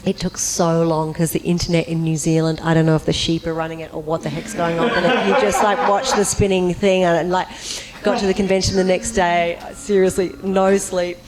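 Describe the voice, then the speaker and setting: Speaking briskly with hardly a pause, a woman shares a lively story at a convention panel, doing character voices and letting out high-pitched laughing squeals. Crowd noise and poor audio surround her.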